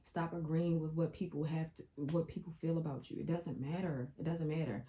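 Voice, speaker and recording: A woman's voice: low voice, steady tone, a little fast, dark tone, low-quality recording. A young woman, talking earnestly to her viewers in a casual motivational vlog and repeating herself for emphasis. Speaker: vlogger.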